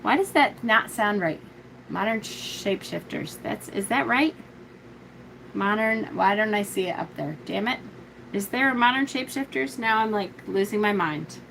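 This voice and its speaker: A woman hosting a casual tarot live stream. She gushes over her decks, chats with viewers, thinks aloud and corrects herself, and slows down and drops low when she reads card meanings aloud. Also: lively intonation, creaky, fairly bright tone, a little hiss or hum, low-quality recording. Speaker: tarot reader and livestream host.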